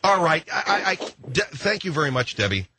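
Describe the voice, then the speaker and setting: Male talk radio host, husky, bright and animated, playfully incredulous. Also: a little high, a little fast, no room sound. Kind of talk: comedy talk radio hosting.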